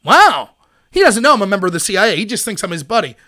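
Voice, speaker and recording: A man hosting a political commentary livestream, talking in an animated, sarcastic, ranting way. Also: sits high, very fast. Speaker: host.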